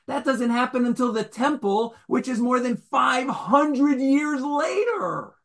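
A man giving a Torah lecture in a conversational, animated way, joking with his listeners and acting out the people in the story. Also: slow. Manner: animated, acts out the figures with sudden jumps in pitch and loudness; conversational, jokes with the audience.

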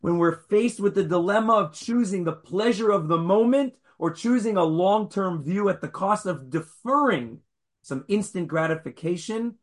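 A man giving a Torah lecture in a conversational, animated way, joking with his listeners and acting out the people in the story. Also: normal speed. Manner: animated, acts out the figures with sudden jumps in pitch and loudness; conversational, jokes with the audience.

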